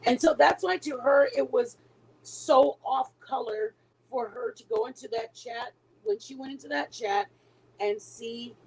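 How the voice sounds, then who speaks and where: A woman's voice: high-pitched, measured pace, a little hiss or hum, poor audio. A middle-aged woman chatting casually with her viewers, telling a long story with many restarts and trailing thoughts. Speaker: livestream host.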